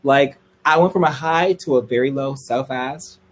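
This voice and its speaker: A young man telling a story on a livestream in a casual, gossipy way, swearing freely and squealing high when excited. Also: moderate pace, low-quality recording.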